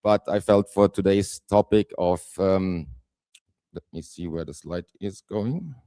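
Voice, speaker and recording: German-accented man, low mellow voice. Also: steady tone, unhurried, dry recording. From southern Germany. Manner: hesitant, many fillers, self-deprecating. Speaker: guest speaker. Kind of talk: conference presentation.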